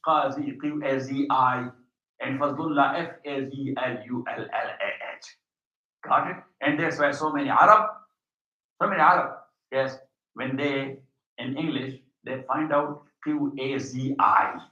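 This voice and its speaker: A man giving a classroom lecture on religion, explaining slowly, often checking his students follow and reciting Arabic passages quickly. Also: mid-range voice, fairly even intonation, bright, forceful tone. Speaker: religious teacher. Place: mosque hall. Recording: dull, echoey mosque hall.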